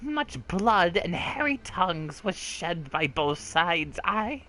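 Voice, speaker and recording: A woman's voice: fairly low pitch, very animated, takes it slowly, pushed and bright, voice pushed down, full character voice. A woman voicing a bitter, grieving old mother with a rustic crone dialect. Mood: grim. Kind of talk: reading game dialogue aloud in character.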